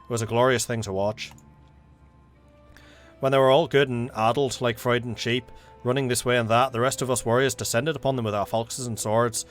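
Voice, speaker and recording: A man's voice: medium pitch, fairly even intonation, fairly quick, faint music behind, lightly acted. A man voicing a boastful old male warrior who tells battle tales in a put-on Irish accent that he does poorly. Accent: put-on Irish accent, poorly done. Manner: storytelling, proud and rousing.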